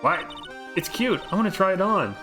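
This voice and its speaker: Brief: man voicing an eager, high-pitched young woman, excitable and bubbly, with game music underneath. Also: normal speed. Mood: gushing.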